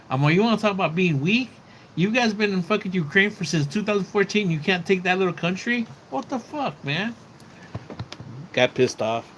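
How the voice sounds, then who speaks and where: A man's voice: fairly high pitch, fairly bright tone, a little hiss or hum. Rambling man streaming outdoors. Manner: rambling, repeats words, swears when riled. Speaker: live streamer. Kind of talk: casual live stream chat. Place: outdoors near his house.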